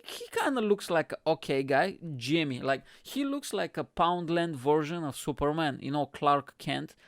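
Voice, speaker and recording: Guy ranting solo on his podcast, kinda high voice, super dry close sound. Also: normal speed, no room sound. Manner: animated, rambling, swears, laughs often. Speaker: podcast host. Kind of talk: casual solo commentary.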